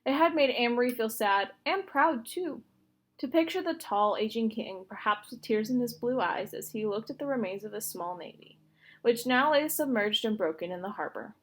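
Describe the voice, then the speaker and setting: A woman reading a children's novel aloud with expressive narration. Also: on the high side, normal speed. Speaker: reader. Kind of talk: storybook read-aloud.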